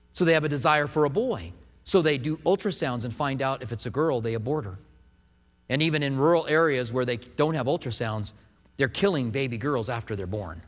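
A man preaching a sermon as pastor, lively and conversational, often asking the congregation questions. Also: mid-range voice, big-room sound.

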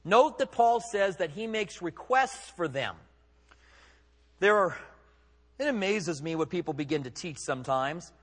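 Husky high-voiced pastor preaching in a hall. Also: male voice, expressive, unhurried. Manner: emphatic, conversational preaching with rhetorical questions. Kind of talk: sermon.

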